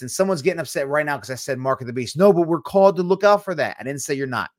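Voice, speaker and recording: A man's voice: on the high side, lively intonation, brisk, no room sound, studio quality. A young man, preaching a sermon in a blunt, conversational way with teasing asides. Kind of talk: sermon-style teaching.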